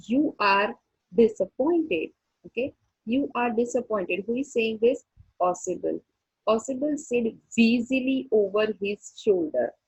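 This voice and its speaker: A woman, teaching a story and explaining each line slowly, repeating points and checking with "okay". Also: fairly high pitch, darkish tone, breathy edge, no echo, muffled recording. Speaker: English teacher. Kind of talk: classroom lesson explaining a story.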